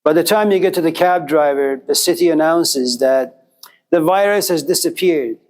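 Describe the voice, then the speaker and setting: A man's voice: moderate pace, a little mellow. A man giving a storytelling lecture, talking conversationally and speaking straight to his listeners. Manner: conversational, addresses listeners directly; acts out quoted characters with jumps in pitch.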